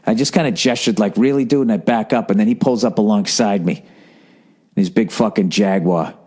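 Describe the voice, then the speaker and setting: A man's voice: on the low side, a little fast, darkish tone, husky. A man in his forties from the United States, a podcast host and comedian, rambling in a profane, self-mocking monologue. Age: 40s.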